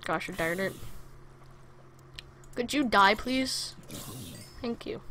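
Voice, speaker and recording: A woman giving chatty, excitable let's play commentary from a home setup, talking to the game's monsters as she plays. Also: on the high side, extremely slow, pauses often, slight background noise. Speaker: gaming video creator.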